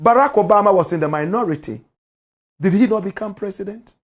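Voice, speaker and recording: Ghanaian male commentator, husky, wildly swinging pitch, fiery and argumentative. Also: lively intonation, a little fast. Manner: heated, ranting, fires rhetorical questions. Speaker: host of a commentary show. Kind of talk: impassioned political commentary.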